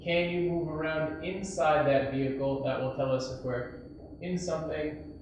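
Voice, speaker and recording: A man teaching an English grammar lesson, explaining patiently and acting out shouted examples. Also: a little high, fairly even intonation, normal speed. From United States. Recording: echoey, distant, dull lo-fi sound with faint hiss.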